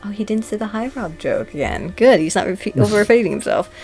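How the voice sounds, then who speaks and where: A woman's voice: mid-range voice, expressive, fast talker, darkish tone, soft background music. An American woman hosts a casual chat in a mid-range voice. She rambles through restarts and fillers and jokes at her own expense. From United States. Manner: chatty, rambling, self-deprecating joking with many fillers. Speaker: host.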